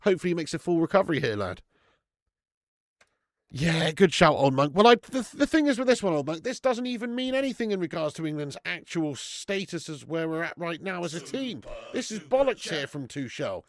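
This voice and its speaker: A middle-aged man chats excitably during a live football watch-along, swearing and bantering with viewers. His voice is a little high and brisk, with no echo.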